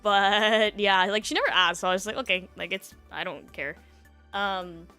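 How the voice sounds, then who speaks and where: A woman's voice: medium pitch, normal speed, bright, forceful tone, smooth, faint music behind. A young woman streamer telling a story in casual chat, rambling with lots of fillers and laughs between thoughts.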